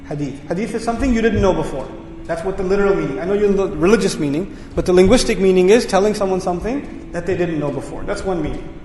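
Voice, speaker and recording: A man with a high-sitting, slightly mellow voice lectures energetically on the meanings of Quranic words, repeating his key terms. Echoey hall reverb surrounds the recording.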